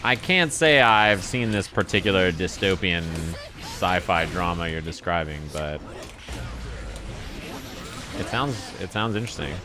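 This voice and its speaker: A man's voice: low voice, expressive, measured pace, over music. A man rambling and swearing casually to his chat while playing a fighting game live. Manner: profane, rambling, exasperated. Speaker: streamer.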